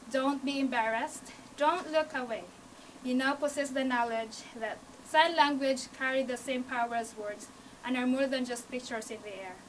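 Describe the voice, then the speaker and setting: High-voiced woman with a Hawaii accent, from afar. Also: far from the mic, slight background noise, low-quality recording. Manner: encouraging, leads the audience through each step; non-native phrasing, small grammar slips. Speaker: student speaker teaching sign language basics. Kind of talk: classroom speech to a small audience. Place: university media room. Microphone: camcorder from across the room.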